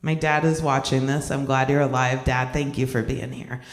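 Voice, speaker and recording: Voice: medium pitch, steady tone, moderate pace. A young adult stand-up comedian performing live, talking conversationally, poking fun at themself and checking in with the crowd. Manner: conversational, self-deprecating, keeps checking in with the crowd. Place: event hall stage. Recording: roomy hall reverb.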